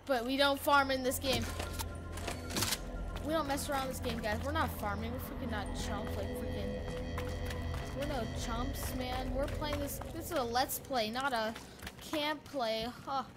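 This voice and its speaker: A woman giving casual let's-play commentary on a video game, rambling and excitable with many fillers. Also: high-pitched, moderate pace, over music. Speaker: gaming YouTuber. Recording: home recording with loud background noise.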